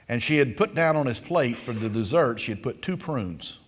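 Casting: male pastor, mid-pitched, folksy storyteller, slow deliberate pauses, long church-hall reverb. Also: lively intonation. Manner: folksy, drawn-out dramatic pauses. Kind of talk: sermon storytelling.

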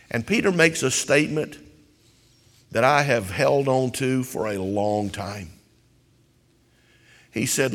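A man preaching a sermon as pastor, building to loud, impassioned cries. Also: mid-range voice, slow pace, pauses often, in a large hall.

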